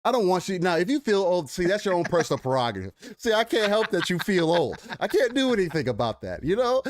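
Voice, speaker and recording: A man hosts a live gaming podcast in a casual, energetic way, trailing into fillers and restarts. His voice sits a bit high and sounds dry and close. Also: quick pace, no echo. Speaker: podcast co-host. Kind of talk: casual live-stream chat.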